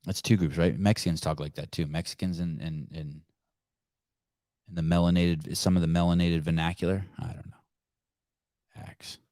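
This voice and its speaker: A man's voice: low voice, level tone, brisk, mellow, no echo, clean studio sound. A man hosting a live call-in podcast, off-the-cuff, sarcastic and profane. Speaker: podcast host.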